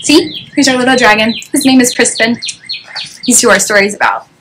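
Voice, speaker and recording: A woman reading a children's picture book aloud, animated, with lots of exclamations. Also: fairly high pitch, a little fast, a little hiss or hum, poor audio. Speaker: children's story reader.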